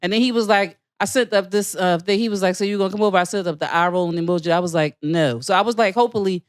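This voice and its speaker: A woman's voice: medium pitch, quick pace. A woman telling a dating story in a casual chat, laughing often and acting out the lines she quotes.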